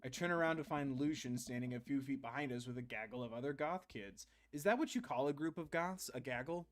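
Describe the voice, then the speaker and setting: A man's voice: medium pitch, a little fast. A man casually streaming and reading through a dating game aloud, playful and jokey. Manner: playful, jokey, laughs often.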